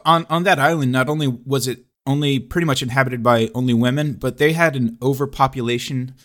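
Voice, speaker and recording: A man's voice: medium pitch, steady tone, brisk, fairly bright tone. A man hosting a casual movie podcast, wry and joking. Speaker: podcast host.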